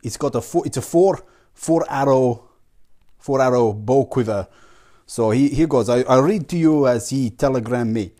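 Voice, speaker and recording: A man's voice: mid-range voice, dark tone, pitched below the performer's own voice, natural voice. A man voicing a pompous foreign archery champion who halts and searches for words, with a congested nasal voice. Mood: grandly formal. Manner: halting, searching for words, mock foreign phrasing.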